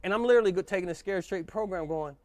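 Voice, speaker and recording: A man telling a story as a podcast guest, animated and swearing freely in casual chat. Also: high voice, very fast, dry recording.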